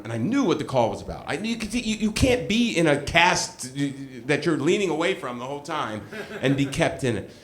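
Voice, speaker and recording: There's a little hiss or hum on the recording of this middle-aged man's mid-range voice. He's performing a funny personal story live, animated and self-mocking, and he acts out what the other people said.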